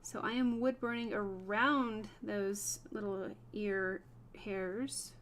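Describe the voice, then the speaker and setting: A woman's voice: medium pitch, fairly even intonation, slow pace, fairly bright tone, slight background noise. A woman hosting a wood burning livestream, chatting casually with viewers by name and laughing often while she works.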